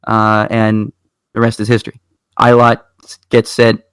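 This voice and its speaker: A man's voice: fairly low pitch, measured pace, clean tone, no room sound. Rambling man talking racing, dry sound. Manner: rambling, animated storytelling with restarts. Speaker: co-host of a racing talk show. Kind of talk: casual chat.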